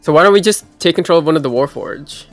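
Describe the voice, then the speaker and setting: A man's voice: on the high side, quick pace, soft background music. A man playing in a tabletop game, asking practical questions about the plan. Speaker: player. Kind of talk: casual tabletop game chat.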